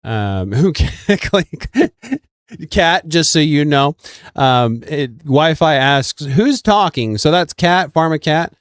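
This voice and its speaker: A man hosting a livestream in casual chat, relaxed, reading out viewer comments. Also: on the high side, takes it slowly, smooth, dry recording, clean studio sound. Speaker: livestream host.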